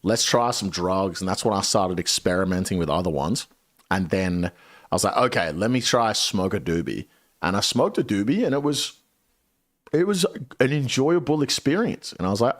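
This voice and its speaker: A man in his late twenties, a streamer telling a story to his chat in a casual, animated way, swearing often. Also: lowish voice, normal speed. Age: 20s. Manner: animated, swearing a lot, dramatic retelling.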